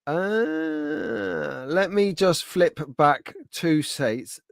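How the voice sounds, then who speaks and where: A friendly man hosts a casual livestream and chats easily with his viewers. His voice sits a little high for a man. The sound is dry and close, with no room around it. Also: very animated, extremely slow, creaky, no echo. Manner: chatty, friendly, reads out viewer comments. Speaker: livestream host.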